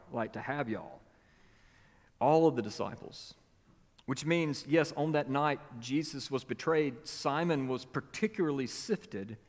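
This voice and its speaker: Conversational preacher in a reverberant hall. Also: male voice, mid-range voice. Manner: conversational, repeats words, folksy asides. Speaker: pastor. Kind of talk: sermon.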